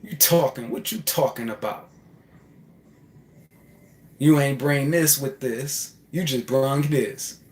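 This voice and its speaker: A man delivering a spiritual preaching monologue, repeating phrases emphatically and swinging from loud outbursts to hushed asides. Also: mid-range voice, takes it slowly, pauses often. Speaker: spiritual speaker. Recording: echoey room with faint ambience.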